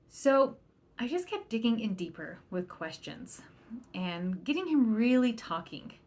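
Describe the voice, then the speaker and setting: A woman parenting coach talking through a solo podcast episode, earnest and chatty, acting out the lines of the people she quotes. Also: mid-range voice. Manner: earnest, chatty, quotes others in lively bursts. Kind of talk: casual solo podcast talk.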